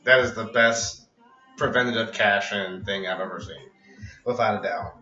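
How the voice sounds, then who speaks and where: A man talks through a wrestling show in a loose, rambling vlog, dry-humored and swearing freely. His voice is bright, but he sits back from the mic in a roomy, echoing space, so the sound comes out dull. Soft music plays underneath. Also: on the low side, normal speed. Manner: rambling, profane, wry. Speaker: vlogger reviewing wrestling. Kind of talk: casual review vlog. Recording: echoey, dull, distant with music.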